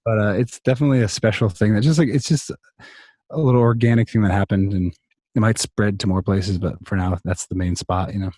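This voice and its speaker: A man's voice: fairly low pitch, steady tone, a little fast, darkish tone, no echo, studio quality. A man telling a long story in a casual interview over a video call, rambling with many restarts and fillers. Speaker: songwriter guest.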